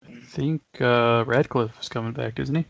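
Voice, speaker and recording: A man's voice: mid-range voice, fairly even intonation, normal speed, gravelly. A man co-hosting a casual chat show, easygoing and often laughing. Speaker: podcast co-host. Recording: dry, dull lo-fi audio.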